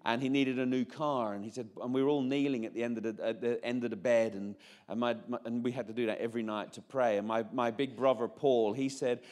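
In a steady, medium-pitched, slightly mellow voice, this man from Northern Ireland, in his fifties, gives a fairly quick personal testimony as a sermon. He keeps it chatty, breaking off to restart and dropping in jokey asides.

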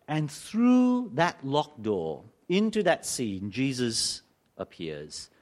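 A man's voice: medium pitch, wildly swooping pitch, slow pace, a little mellow. A male preacher giving a sermon in a church, conversational, with questions to the congregation and wry asides.

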